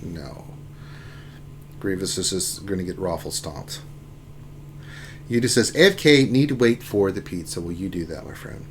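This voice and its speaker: A man hosting a casual gaming livestream, talking through his game, with loud exclamations and laughter. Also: sits low, animated, moderate pace, long pauses, slight background noise. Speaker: livestream host.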